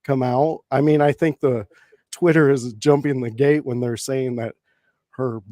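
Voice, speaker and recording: Hesitant man with a mellow voice. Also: mid-range voice, steady tone, unhurried, no echo, clean studio sound. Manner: thoughtful, hesitant, many fillers. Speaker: podcast co-host. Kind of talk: casual livestream chat.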